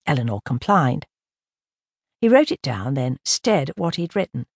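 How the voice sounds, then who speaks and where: Older woman, husky low voice, audiobook narration, dry booth sound. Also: very animated, no room sound. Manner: measured, gives characters lightly raised voices. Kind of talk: scripted narration of a mystery novel. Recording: dry close studio audio.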